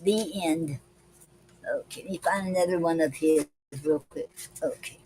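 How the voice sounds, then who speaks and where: A woman hosting a live-stream poetry club, reading her own poems aloud slowly and deliberately between casual remarks with fillers. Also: deep voice, fairly even intonation, warm tone, slight background noise, low-quality recording. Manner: slow deliberate reading with many pauses and fillers.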